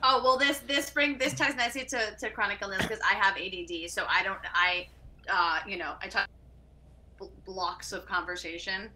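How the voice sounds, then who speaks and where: A woman comedian talking casually, rambling and cutting herself off with quick laughs. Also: mid-range voice, steady tone, pushed and bright, a little hiss or hum. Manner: rambling, self-interrupting, laughing asides. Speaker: comedian guest. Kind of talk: casual podcast chat.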